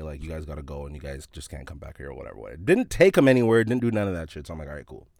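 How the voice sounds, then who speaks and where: A man who works in retail, casually telling a story about a store run-in, animated and full of swearing and laughter. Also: mid-range voice, dry recording, clean studio sound.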